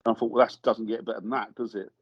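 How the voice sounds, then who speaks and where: Man, husky tone, dry close sound, slightly dull studio recording, animated storyteller. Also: fairly low pitch, very fast, no echo. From England. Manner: lively storyteller acting out quoted voices. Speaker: guest paranormal investigator. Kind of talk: casual storytelling anecdote.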